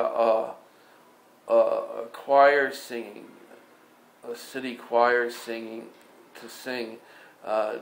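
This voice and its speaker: A man's voice: mid-range voice, vocal fry, a bit bright. A man telling an improvised story, rambling casually with many fillers and restarts. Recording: echoey room with faint ambience.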